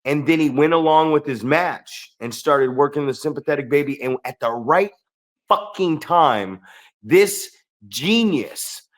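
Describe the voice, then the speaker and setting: Animated, swearing man telling stories. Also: a little high, unhurried. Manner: animated, swearing storyteller who acts out quotes. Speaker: podcast co-host. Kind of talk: excited casual chat.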